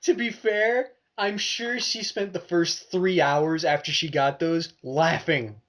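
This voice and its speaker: A man's voice: a little high, steady tone, slow, a bit bright. A man co-hosting a casual review podcast, joking and swearing freely. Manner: joking, swears, laughs a lot. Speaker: podcast co-host.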